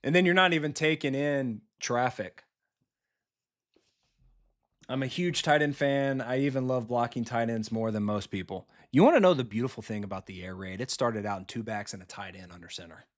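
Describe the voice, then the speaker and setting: A man chatting with his viewers as he plays a football video game live. He talks in a loose, blunt way, swears freely and reacts fast to each play. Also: mid-range voice. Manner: casual, blunt and profane, quick reactions to the game.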